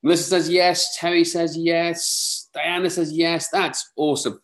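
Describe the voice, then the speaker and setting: A man's voice: a little high, flat delivery, measured pace, fairly bright tone. A man in his thirties with a slight Welsh twang to his British accent, hosting a live webinar in an upbeat, chatty way and reading out viewer comments. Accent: Welsh-tinged British. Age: 30s. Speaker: webinar host.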